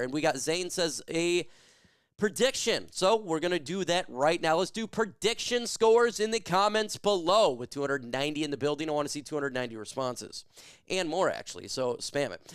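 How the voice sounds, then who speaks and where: Upbeat sports stream host, smooth voice. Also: male voice, fairly high pitch, dry recording, studio quality. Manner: energetic, reads viewer comments rapid-fire, shouts catchphrases. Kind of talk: live stream sports talk reading chat.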